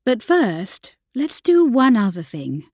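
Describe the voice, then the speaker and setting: A woman's voice: a little high, big pitch swings, slow, darkish tone, no room sound, exaggerated voice. A woman doing a tremulous Regency heroine. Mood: joyful. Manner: shy, tremulous. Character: emotional young Regency lady in love.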